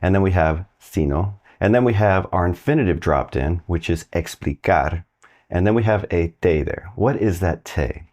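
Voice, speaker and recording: A man's voice: low voice, animated, moderate pace, darkish tone, dull audio. A man giving a casual online language lesson, chatty and friendly, inviting viewers to try translations. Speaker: Spanish teacher.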